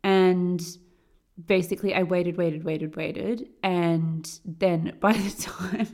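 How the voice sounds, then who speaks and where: A woman, co-hosting a podcast and telling a story in a fast, animated way with lots of fillers. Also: fairly low pitch. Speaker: podcast co-host. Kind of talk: casual chat.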